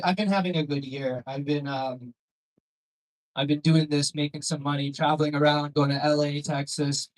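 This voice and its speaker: A man's voice: on the high side, poor audio. A young man doing a crude, rambling stand-up set with crowd work on a comedy club stage, on a handheld mic.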